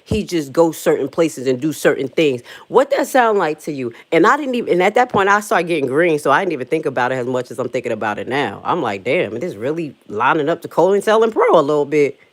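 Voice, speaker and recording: A young woman, hosting a livestream and ranting bluntly with profanity, her voice jumping high when she gets emphatic. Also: brisk, hardly any pauses. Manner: animated, jumps to high excited pitch when emphatic; blunt, profane street talk. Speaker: livestream host. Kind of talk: casual livestream rant.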